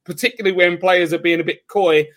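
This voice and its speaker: A man's voice: sits high, steady tone, fast, fairly bright tone. A man hosting a football podcast, talking emphatically and arguing his point. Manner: emphatic, argumentative. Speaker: podcast host. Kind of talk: casual podcast chat.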